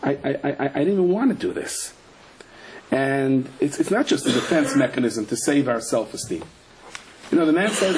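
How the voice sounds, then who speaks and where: Animated man giving a Torah lecture. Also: normal speed, noisy background. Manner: animated storyteller, swings up to loud high-pitched emphasis. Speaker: rabbi teaching a class. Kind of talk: Torah lecture with stories and jokes.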